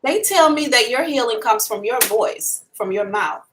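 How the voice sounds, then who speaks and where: A woman hosting a live psychic reading, talking in a blunt, profane and animated way. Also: on the high side, normal speed, noisy background.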